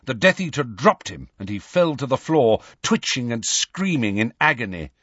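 A man narrating an audiobook in measured, expressive storytelling. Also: medium pitch, slightly rough, no room sound, dull audio.

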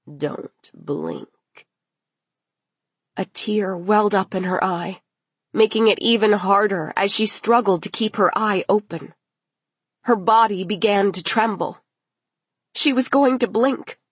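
Slow husky woman narrating a dark story. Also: mid-range voice, no room sound. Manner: slow, measured, dramatic reading. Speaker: audiobook narrator. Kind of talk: scripted dramatic narration.

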